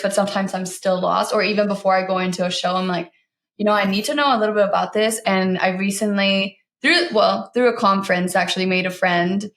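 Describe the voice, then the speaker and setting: A woman hosting a podcast in casual chat, chatty and self-deprecating with quick asides. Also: mid-range voice, a bit bright, reverberant. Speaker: podcast host.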